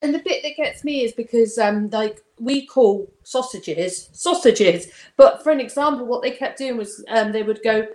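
A woman's voice: a little high, normal speed, few pauses, darkish tone, reverberant. A woman co-hosting a podcast, telling rambling stories with fillers and giggles. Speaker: podcast co-host. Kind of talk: casual chat reviewing a TV episode.

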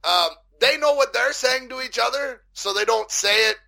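A man's voice: extremely high pitch, expressive, normal speed, vocal fry, sharp tone. A man with a Canadian accent, a podcast guest rambling through crude jokes in casual chat. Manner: rambling, crude joking, swearing.

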